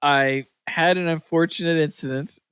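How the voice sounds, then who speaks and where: A Canadian man co-hosting a podcast, telling stories in a lively way, acting out the people in them and laughing often. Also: fairly high pitch, normal speed, smooth, dry recording. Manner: animated storyteller, acts out other voices, laughs often. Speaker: podcast co-host. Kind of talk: casual chat.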